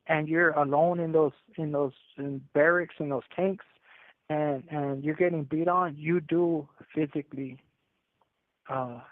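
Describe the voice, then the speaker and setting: A man's voice: a little high, no room sound. A man telling a story over a prison phone call, in street slang with many fillers and restarts. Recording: tinny phone line.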